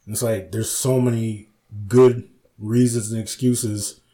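A man's voice: on the low side, unhurried. Podcast guy, swears a lot, acts out the bits and cracks up. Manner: animated storyteller, acts out sketch lines, laughs often, swears freely. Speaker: podcast co-host. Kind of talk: casual chat.

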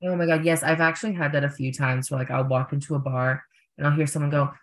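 Speaking at a quick pace in a slightly high voice, a young man who performs in drag tells stories during a relaxed interview. He uses lots of fillers and slips into animated voices for quotes.

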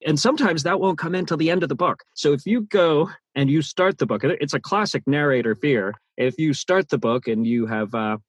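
A man's voice: a little high, a little fast, hardly any pauses, husky, no echo. A man who narrates audiobooks, talking animatedly in an interview and often restarting his sentences. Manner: animated, many restarts and repeated words. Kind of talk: interview conversation.

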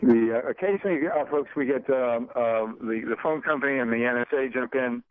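A man's voice: mid-range voice, no echo. Casting: male talk-radio host, hesitant and folksy, stop-start delivery, lo-fi phone-band audio. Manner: halting, many ums and uhs, folksy. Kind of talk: casual radio interview. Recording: dry, tinny phone-like broadcast audio.

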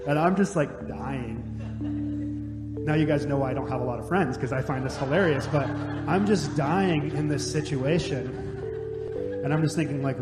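A young adult man preaching a sermon, telling jokes and stories in a relaxed, conversational way. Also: mid-range voice, moderate pace, loud music behind the voice. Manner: joking, conversational storytelling. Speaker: pastor. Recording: echoey hall, long reverb.

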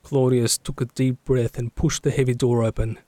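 A man giving scripted, steady and dramatic narration of a story. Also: medium pitch, normal speed, very noisy.

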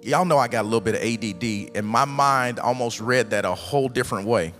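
A male pastor preaching a sermon, animated and joking, swinging between loud calls and hushed appeals. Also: medium pitch, a little fast. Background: band music.

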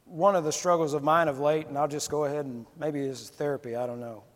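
A preacher giving a candid, conversational sermon and acting out little quotes. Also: male voice, a little high, steady tone, fast talker. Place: church sanctuary. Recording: long reverb of a church hall.

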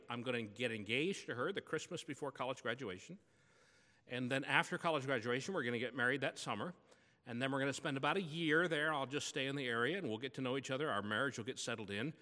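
A man's voice: medium pitch, sharp tone, in a large hall. A man preaching a sermon as pastor, telling personal stories in a conversational way.

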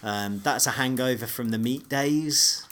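A man's voice: medium pitch, measured pace, fairly bright tone. A man co-hosting a podcast in casual chat, rambling and often restarting his sentences. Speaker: podcast co-host.

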